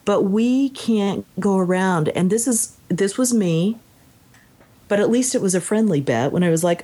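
A woman's voice: mid-range voice, measured pace. A woman in casual conversation, reflecting on a story she read and sometimes reading passages aloud. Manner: reflective, reads passages aloud, animated when quoting. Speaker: book discussion co-host. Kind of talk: casual chat about a book.

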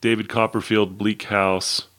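Man, deep voice, relaxed book talk, measured and a bit hesitant. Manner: measured, reads out dates he looked up, hesitant fillers. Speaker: book discussion co-host. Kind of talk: casual book chat.

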